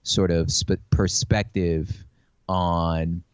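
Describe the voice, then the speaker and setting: Man, slangy casual talker, lively storyteller, dry dull recording. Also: low voice, very slow, clean tone, no room sound. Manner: slangy, animated storyteller acting out voices. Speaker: podcast guest. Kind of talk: casual chat.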